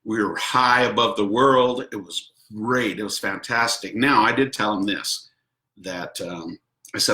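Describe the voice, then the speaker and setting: A man's voice: on the low side, a little slow, sharp tone, reverberant. A man hosting a video, telling a personal story casually and animatedly, acting out quotes and laughing often. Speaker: host.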